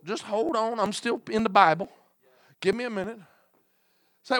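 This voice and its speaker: A man's voice: sits high, normal speed, fairly bright tone, no room sound. A man preaching a sermon in an impassioned cadence punctuated by "uh", with folksy, plain-spoken asides.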